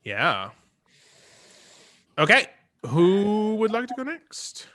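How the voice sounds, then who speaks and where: Male game master, bright and forward voice, chatty, fills his talk with "uh" and "um". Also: high-pitched, wildly swooping pitch, very slow. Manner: chatty, many fillers and restarts. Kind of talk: narrating a tabletop game.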